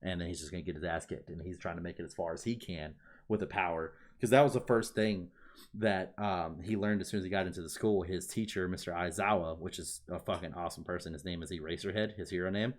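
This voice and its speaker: Guy with a lowish voice gushing about a plot on a podcast, swears a lot, gets worked up. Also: fast. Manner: excitable, profane storytelling with frequent "like" and swearing. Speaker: podcast co-host. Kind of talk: casual chat, retelling an anime plot.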